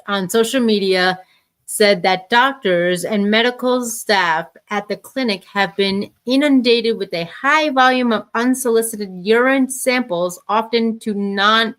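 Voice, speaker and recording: A woman co-hosting a relaxed podcast. She reads offbeat headlines aloud and breaks off for dry, teasing remarks. Her voice sits at a middle pitch. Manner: wry, teasing, reads articles with asides. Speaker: podcast co-host. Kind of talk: casual news chat, reading headlines aloud.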